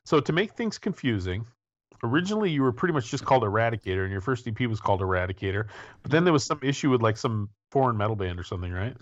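A man's voice: mid-range voice, lively intonation, rapid-fire, dry recording, dull audio. A man in his forties hosting an interview show, chatting casually and jokily with lots of restarts. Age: 40s. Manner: rambling, joking, many restarts. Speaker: podcast host.

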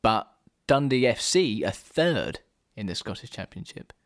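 A man co-hosting a casual podcast, chatty and playful, quick to laugh. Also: fairly low pitch, big pitch swings. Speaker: podcast co-host.

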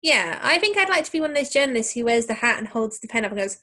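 A woman co-hosting a podcast, trading teasing, quick-witted banter. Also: on the high side, sing-song, sharp tone. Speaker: podcast co-host. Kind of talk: casual chat.

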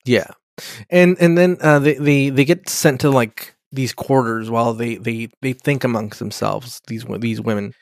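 A young man in loose, casual chat, rambling through a recap and putting on offhand mocking voices for the characters. His voice sits at an everyday middle pitch, and the sound is dry and close, with no room around it. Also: normal speed, no echo. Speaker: podcast co-host recapping a TV episode.

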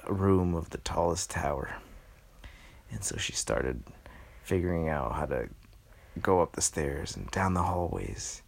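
Man spinning a bedtime story off the cuff; low, creaky voice, pauses often to think. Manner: halting, with many pauses and fillers.

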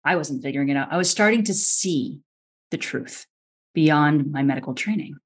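A middle-aged woman physician, a podcast guest, telling a story with lively energy and acting out the voices she quotes, often restarting her sentences. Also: low-pitched, normal speed, slightly rough. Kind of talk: animated storytelling in a podcast interview.

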